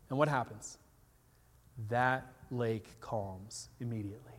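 A man preaching a sermon, telling a story with animated retellings and quoted voices. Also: mid-range voice, moderate pace. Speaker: pastor. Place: church in Colorado. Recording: long reverb of a large hall.

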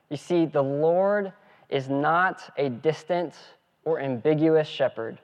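A man preaching a sermon as pastor, earnest and steady, also leading a spoken prayer. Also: a little high, takes it slowly, highs cut off.

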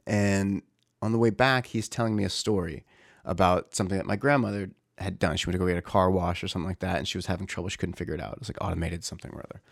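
A man's voice: deep voice, steady tone, rapid-fire, vocal fry, no room sound, clean studio sound. A young man candidly recounting a family conflict in casual speech, often stopping to correct himself. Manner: candid, searching, restarts often. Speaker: storyteller. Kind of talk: casual personal storytelling.

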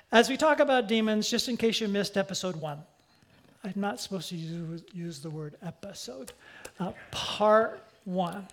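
A pastor delivering a sermon in a relaxed, conversational manner, pitched at a middle level. The talk drifts into asides and self-corrections before returning to the point.

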